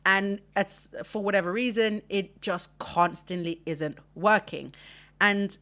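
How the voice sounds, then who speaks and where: A woman's voice: mid-range voice, slow, bright, forceful tone. A young woman from Denmark hosting a podcast, telling a personal story in a rambling, earnest way with lots of fillers and restarts. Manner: earnest and emotional, laughs through discomfort. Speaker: podcast host.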